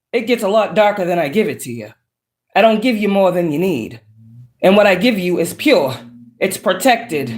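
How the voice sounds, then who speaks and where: Cussing woman preaching about her readings, loud and emphatic, mid-pitched voice. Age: adult with children. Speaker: psychic tarot reader. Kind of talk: casual monologue.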